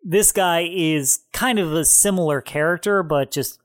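A man co-hosting a podcast in casual chat, relaxed and laughing often as he recaps. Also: fairly high pitch, measured pace. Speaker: podcast co-host.

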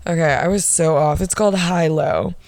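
A woman's voice: sits low, moderate pace, creaky, darkish tone, no room sound. A young woman hosting her own solo podcast, ranting bluntly and sarcastically with lots of swearing. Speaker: podcast host.

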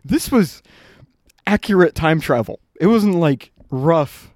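Young man, podcast co-host, lively swinging pitch, dry close sound, casual swearing storyteller. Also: takes it slowly, dry recording. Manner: animated, swears freely, laughs through his story.

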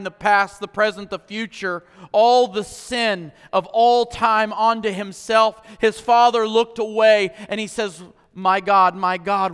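A man preaching a sermon as pastor, impassioned, swinging from loud declarations to hushed, personal moments. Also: high voice, clean tone. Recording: long hall reverb.

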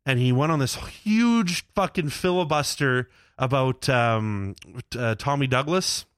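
In clean studio sound with no room ambience, a young male podcast co-host talks a little slowly in a clean, mid-range voice. He tells long, wandering stories in casual chat, swearing frequently and filling gaps with "like" and "uh."

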